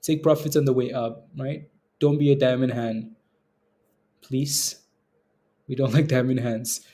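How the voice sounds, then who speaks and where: A mellow, medium-pitched male voice, fairly even in intonation and a little slow. He hosts a stock trading livestream, talking casually with his audience about the market and chuckling a lot.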